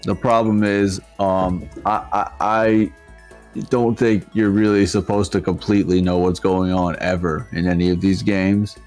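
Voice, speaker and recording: A man's voice: low voice, level tone, measured pace, darkish tone, faint music behind. A man co-hosting a game stream who jokes around in a laid-back way and laughs often. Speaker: voice actor and co-host. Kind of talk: casual banter during a game stream.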